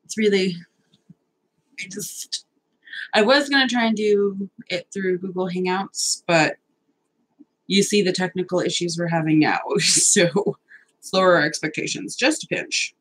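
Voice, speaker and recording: A woman's voice: on the low side, unhurried, pauses often, low-quality recording. A young woman hosting a casual live stream, chatty, nervous and self-deprecating, swearing now and then as she sorts out technical problems.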